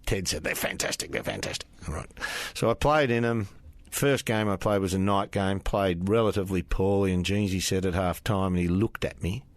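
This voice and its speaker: A middle-aged Australian man, a former footballer, telling anecdotes in a casual interview and acting out quoted lines with sudden jumps in pitch. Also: moderate pace, no echo.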